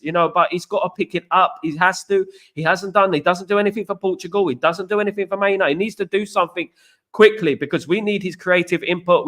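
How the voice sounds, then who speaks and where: A man's voice: high voice, a bit bright. A man hosting a live fan stream, greeting chat viewers by name and talking through a match in a loose, chatty way. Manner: chatty, greets viewers by name, frequent "you know what". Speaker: fan channel host.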